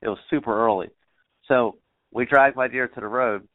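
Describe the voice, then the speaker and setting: This podcast guest, a bow hunter, rambles through a story, dropping in many fillers and casual swear words. His medium-pitched voice has fairly even intonation and a moderate pace. The dry recording sounds tinny and phone-like, as from a remote line.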